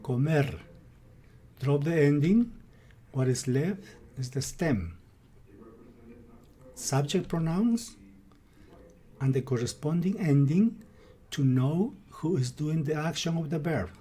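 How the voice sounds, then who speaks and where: A man with an Ecuadorian Spanish accent teaching a grammar lesson, reading out verb lists in a slow, deliberate manner. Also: a little high, animated, mellow, slightly rough. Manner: slow, deliberate, drills word lists aloud.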